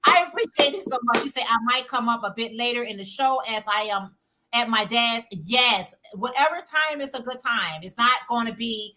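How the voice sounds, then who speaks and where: Woman, livestream host, informal chat, sharp bright tone, slightly high voice. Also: normal speed. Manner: reads chat messages aloud, chatty and informal. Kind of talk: casual chat reading viewer comments.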